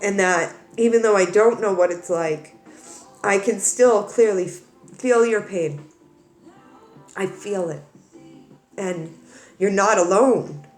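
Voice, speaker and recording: A woman's voice: mid-range voice, slow, pauses often, echoey room, faint music behind. A woman tarot reader talking earnestly to her viewers, crying as she comforts them, with many repeats and restarts. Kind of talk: emotional direct-to-camera talk.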